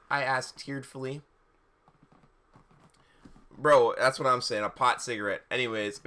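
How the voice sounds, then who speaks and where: On a live stream, a man gives a mocking dramatic reading of fan fiction, breaking off for sarcastic, incredulous commentary. His voice is a little high and sharp in tone, at a moderate pace.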